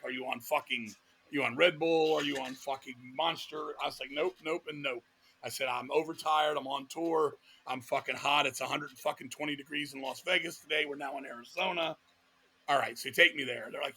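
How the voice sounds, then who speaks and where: A man's voice: a little high, creaky, sharp tone, a little hiss or hum. A middle-aged man from Virginia, a metal vocalist guest telling wild stories full of profanity and quoted voices. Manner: profane, fast-paced anecdotes with voiced quotes. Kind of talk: animated storytelling in casual talk.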